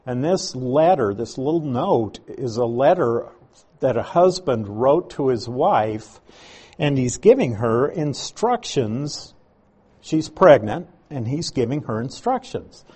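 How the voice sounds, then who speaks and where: A man's voice: medium pitch, a little mellow, breathy edge. A man as pastor, teaching an evening Bible study sermon in a conversational way with frequent asides.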